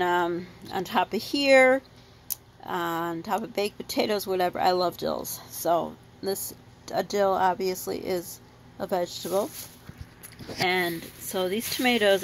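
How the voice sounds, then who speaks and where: A woman's voice: mid-range voice, a little hiss or hum, poor audio. A woman who grew up abroad, casually chatting through her fruit and vegetable haul in a home kitchen, rambling with lots of ums. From grew up in another country. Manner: rambling, chatty, many ums and self-corrections. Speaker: vlogger showing a grocery haul. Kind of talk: casual chat.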